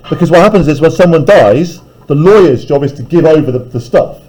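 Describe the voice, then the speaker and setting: A man's voice: on the high side, animated, moderate pace, hardly any pauses, dark tone, poor audio. A male teacher reading a novel aloud in a classroom and breaking off to explain it in casual terms. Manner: reads aloud, then paraphrases casually.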